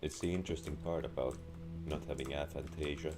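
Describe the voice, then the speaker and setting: A young man with a sore throat and a deep, raspy voice, giving deadpan gameplay commentary. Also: brisk. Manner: deadpan, crude jokes. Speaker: gamer. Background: faint game music and keyboard typing.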